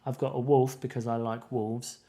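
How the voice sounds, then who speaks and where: A man's voice: medium pitch, level tone, moderate pace, mellow. Man rambling in casual podcast chat. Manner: rambling, many fillers and restarts. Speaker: podcast co-host.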